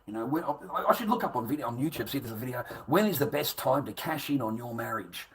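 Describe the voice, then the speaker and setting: Man, coarse rant to camera, mid pitch, lots of swearing and repetition. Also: expressive, fast talker, crowd noise, low-quality recording. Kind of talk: ranting monologue to camera.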